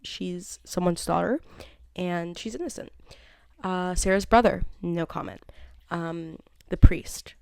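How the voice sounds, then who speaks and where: A woman's voice: lowish voice, slow pace, vocal fry, a little mellow, clean tone, no echo. A woman vlogging to her phone camera in a casual, rambling way, full of fillers and tangents. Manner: chatty, filler-heavy, loose tangents. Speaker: vlogger reviewing a TV show.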